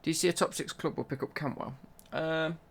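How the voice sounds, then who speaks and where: A man's voice: on the high side, fairly even intonation, fairly quick, husky. A young man chatting casually on a live stream while he plays, bantering and answering his chat.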